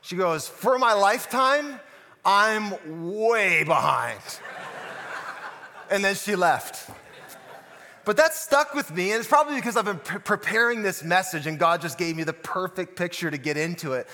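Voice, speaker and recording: A pastor delivers his sermon in a high, bright voice. He tells stories and keeps putting rhetorical questions to his listeners, and a long reverb trails behind every phrase. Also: animated, a little fast, slight background noise. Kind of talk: sermon podcast.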